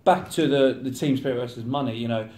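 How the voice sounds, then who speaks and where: Man, 30, professional footballer, relaxed interview talk, mid-pitched, echoey room sound. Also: fairly quick, slight background noise. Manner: chatty, acts out teammates' banter. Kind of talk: casual interview chat. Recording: roomy echo.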